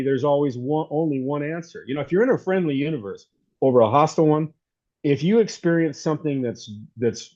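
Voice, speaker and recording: A man's voice: a little high, mellow. Rambling preacher man, muffled recording. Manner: rambling, conversational storytelling. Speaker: pastor. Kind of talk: informal sermon. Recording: dull lo-fi recording.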